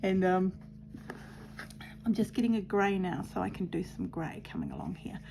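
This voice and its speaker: A middle-aged woman, chatting and rambling through a childhood story as she sews, with lots of fillers and soft asides. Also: fairly low pitch, huge pitch swings, normal speed, vocal fry, slight background noise. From New Zealand. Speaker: craft vlogger. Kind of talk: casual storytelling while sewing.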